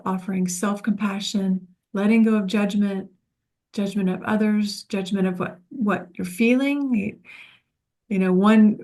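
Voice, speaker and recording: A woman leading a spiritual self-help class, speaking in a gentle, soothing, reflective way. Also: medium pitch. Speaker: course facilitator.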